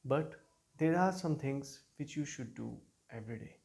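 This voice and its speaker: A man's voice: mid-range voice, normal speed, gravelly, darkish tone. A man, coaching learners in an earnest, emphatic teaching monologue. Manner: earnest, emphatic advice with frequent repetition and restarts. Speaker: English speaking coach.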